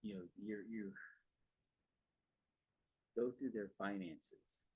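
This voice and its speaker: A man's voice: on the low side, steady tone, takes it slowly, breathy edge, no room sound. A man hosting a podcast, talking casually about sales in a rambling way, repeating words and checking in with "okay" and "right". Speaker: podcast host. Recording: dull, dry lo-fi sound.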